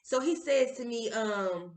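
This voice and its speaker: A woman with a somewhat high voice chats candidly as a podcast co-host. She swears freely and acts out the back-and-forth. The room is echoey. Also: lively intonation, a little slow, a little mellow. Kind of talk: casual chat.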